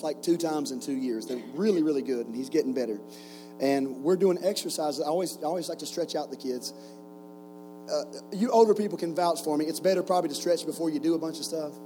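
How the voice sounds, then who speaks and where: A man's voice: a little high, poor audio. Man in his forties preaching. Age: 40s. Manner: lively storytelling with jokes and rhetorical questions. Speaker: camp speaker preacher. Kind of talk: sermon with stories.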